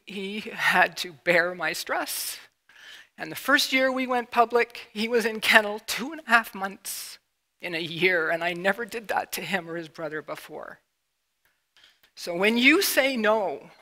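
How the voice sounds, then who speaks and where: A middle-aged woman from Canada giving a public lecture, emotional and halting with sudden emphatic bursts. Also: on the low side, sharp tone. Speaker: public speaker. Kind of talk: lecture presentation with slides. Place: university lecture room.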